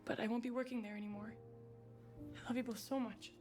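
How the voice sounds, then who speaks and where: A woman's voice: fairly high pitch, steady tone, a little fast, lightly acted. An actress playing an earnest, emotional young mother in a scripted drama. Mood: tender. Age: young adult. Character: young mother tempted by witches. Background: music.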